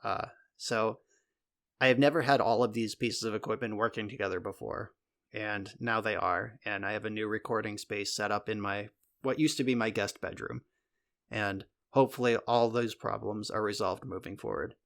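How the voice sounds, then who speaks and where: A man's voice: on the low side, steady tone, moderate pace, a bit bright. A man co-hosting a podcast in casual chat, rambling with lots of fillers and the odd swear, speaking from a home recording room. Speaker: podcast co-host.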